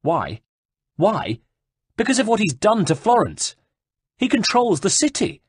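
A bitter young nobleman in exile, raised and indignant, spitting out his grievances, as a male reader puts him on. The voice is husky and recorded close and dry. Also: sits high, wildly swooping pitch, unhurried, no room sound, pitched above the performer's own voice, exaggerated voice. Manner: indignant, ranting.

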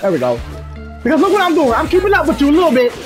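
Loud excitable woman streamer, game music. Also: sits high, very fast. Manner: loud, excitable, cursing, yelling at opponents. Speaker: gaming streamer. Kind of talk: live gameplay commentary.

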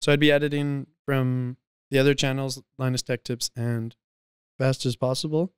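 A young man telling stories as a guest on a casual podcast, laid-back and rambling with plenty of filler words. His voice is very clean and crisp, recorded dry and close. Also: mid-range voice, little pitch movement, normal speed, no room sound.

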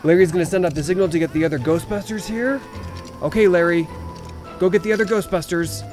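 An excitable man hosts a game playthrough in a slightly high voice, telling a silly story in a dramatic way full of gasps. Game music plays clearly behind him. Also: fast talker. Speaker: let's play host. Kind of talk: playful let's play narration.

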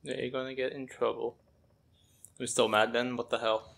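A man's voice: medium pitch, level tone, normal speed, vocal fry. A man hosting a gaming channel who reacts to gameplay in outbursts, exasperated and repeating himself. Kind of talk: let's play reaction commentary. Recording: game music playing loudly behind the voice. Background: game music.

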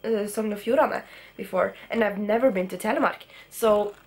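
A woman's voice: medium pitch, normal speed. A young woman in her twenties chatting enthusiastically to a handheld camera outdoors, laughing often. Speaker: student vlogger. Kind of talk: casual vlog chat. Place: outdoors in the countryside.

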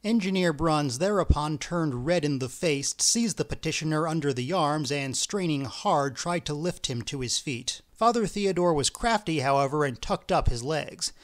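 A man reading a classic novel aloud as an audiobook narrator, in a measured, unhurried way. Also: fairly high pitch, expressive. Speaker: audiobook reader.

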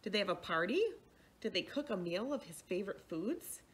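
A young woman who leads children's faith classes, gently telling a Bible story to children and often checking in with them. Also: medium pitch, animated, fairly quick, slightly rough. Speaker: children's faith formation director.

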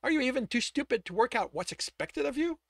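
A man reading out a cruel, contemptuous father figure from a storybook. He spits scorn at his son, and his pitch swings widely from line to line in a dry, close sound. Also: expressive, a little fast, creaky, fairly bright tone, dry recording, heavily acted. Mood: scornful. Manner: scornful, berating.

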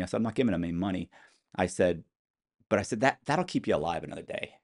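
A middle-aged man, an interview guest, telling stories in a casual, animated way, acting out what people said and swearing now and then. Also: low-pitched, a little fast. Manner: animated storyteller, acts out quotes, curses casually. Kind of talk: casual storytelling.

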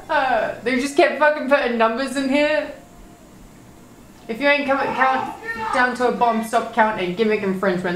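A woman's voice: a little high, normal speed, reverberant, a little hiss or hum. A young woman streaming live, reading her chat aloud with swearing and lots of laughter. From United Kingdom.

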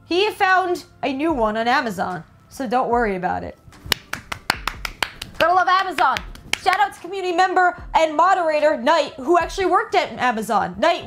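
A woman hosting a reaction video, casual and excitable, gushing and swearing lightly. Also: sits high.

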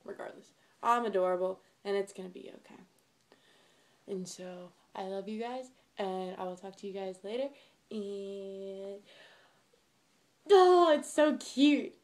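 A woman's voice: medium pitch, steady tone, measured pace. A young woman chatting casually to camera as a vlogger, bubbly and gushing as she rambles.

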